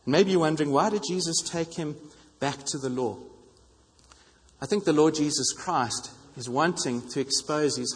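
Earnest male preacher with a husky voice. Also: on the high side. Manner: earnest, repeats phrases for emphasis. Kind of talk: sermon. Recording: long reverb of a hall.

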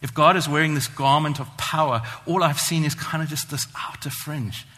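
A man preaching a sermon, earnest and emphatic, slowing down to stress the scripture he reads. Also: a little high, steady tone, sharp tone. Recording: long hall reverb.

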